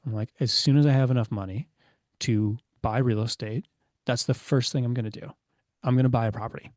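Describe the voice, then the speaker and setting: Man, 30s, podcast guest, casual storyteller, lots of fillers, middle pitch, dry close sound. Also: darkish tone, no room sound. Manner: chatty, many fillers, acts out quoted dialogue. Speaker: podcast guest, business owner.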